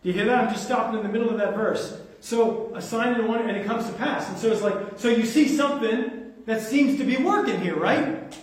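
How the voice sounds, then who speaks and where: A man delivers a sermon in a strikingly high voice, pressing his points with rhetorical questions. The sound is awash in heavy reverb and captured from a distance, as if from the back of a large hall. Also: a little fast. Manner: emphatic, with rhetorical questions to the congregation. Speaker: preacher. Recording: very echoey, from far off the mic.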